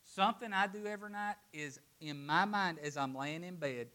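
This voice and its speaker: Preaching to a congregation, a man swings between loud, emphatic declarations and hushed, quiet asides. His voice sits high, and he speaks at normal speed.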